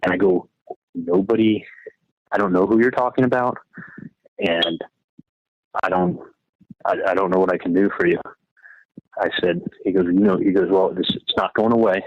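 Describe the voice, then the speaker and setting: A man's voice: low voice, fairly even intonation, moderate pace, pauses often. A man on a wiretapped phone call, rambling through a retold conversation, quoting the other side and swearing freely. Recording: muffled wiretap phone recording.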